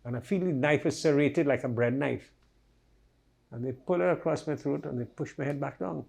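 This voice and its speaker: Gravelly older man telling his life story. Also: fairly high pitch, moderate pace, a little mellow. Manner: vivid, conversational retelling with tag questions. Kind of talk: personal life-story interview.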